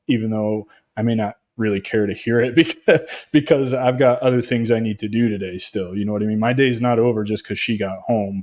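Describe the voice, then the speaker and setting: Man hosting a podcast with a low voice. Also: a little mellow. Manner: friendly and reflective, calls the guest dude. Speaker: podcast host. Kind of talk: casual interview chat.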